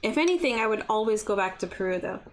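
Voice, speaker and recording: A woman's voice: mid-range voice, lively intonation, fast talker, noisy background. A young woman hosting a casual breakfast livestream from her apartment. She chats freely, fills her talk with "like", and answers viewers' comments as they come in. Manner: chatty, lots of "like" fillers, reads and answers comments. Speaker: livestream host. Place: home apartment.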